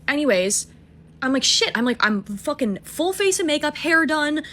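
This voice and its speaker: A woman's voice: sits high, lively intonation, normal speed, a bit bright. A woman in her twenties, a musical theater student, telling a date story in a casual, self-mocking way with lots of swearing and acted-out dialogue. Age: 20s.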